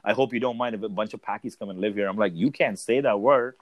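A man's voice: on the low side, quick pace, no echo. A man telling stories in casual chat, acting out the people he quotes. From North America. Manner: storytelling, lively, acts out quoted people.

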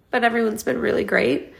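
Tearful woman with a gravelly voice. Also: a little high. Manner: halting, sighing, trailing off. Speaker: podcast host. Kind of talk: grieving personal monologue.

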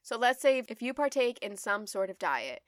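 A woman's voice: on the high side, very animated, moderate pace, no echo, clean studio sound. A young woman hosting her own podcast, talking bluntly and emphatically, swearing freely and repeating her points to drive them home. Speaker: podcast host. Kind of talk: solo podcast monologue.

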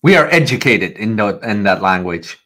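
A man's voice: on the low side, normal speed. A man co-hosting a podcast, telling stories in casual chat with sarcastic asides. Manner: animated storyteller, sarcastic asides. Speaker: podcast co-host.

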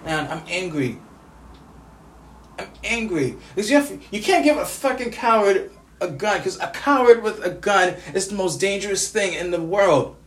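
A man's voice: high voice, normal speed, a bit bright, roomy sound. An angry, grieving man from the United States vents in a profane vlog rant, stammering and repeating himself. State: grieving, furious.

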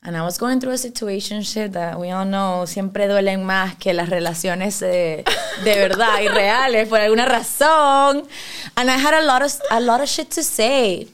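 A young Venezuelan singer-songwriter chats frankly as an interview guest, swearing freely and switching between English and Spanish mid-sentence. Her mid-range voice is clear and resonant, at normal speed with few pauses.

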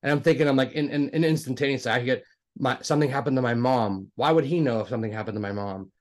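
A man telling a personal story in casual conversation, animated and talkative, acting out the dialogue in a raised voice. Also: mid-range voice, quick pace. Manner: self-described jokester, talkative with many restarts. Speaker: guest telling his faith story.

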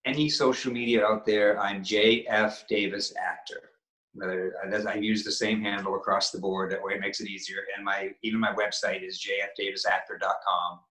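Male actor from Maine, casual interview guest, rambling delivery, lowish pitch, echoey room. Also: flat delivery, moderate pace, sharp tone. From Maine, New England. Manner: rambling, many restarts and fillers.

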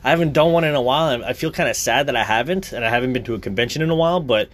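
A man's voice: medium pitch, racing. A young man talking casually, blunt and profane, in a heated rant.

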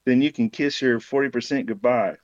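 A man's voice: medium pitch, brisk, no room sound, highs cut off, close to an everyday voice. A man reading the lines of a cold, demanding male crime boss who bargains curtly. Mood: gruff. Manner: grumbling, curt bargaining.

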